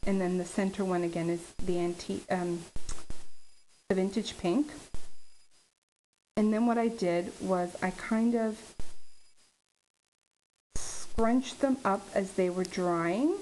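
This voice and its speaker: A woman talking casually as she shows and explains her handmade paper flowers, pausing often with ums. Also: medium pitch, warm tone, slight background noise, rough recording. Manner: chatty, halting with many ums. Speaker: craft vlogger. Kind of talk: casual craft tutorial.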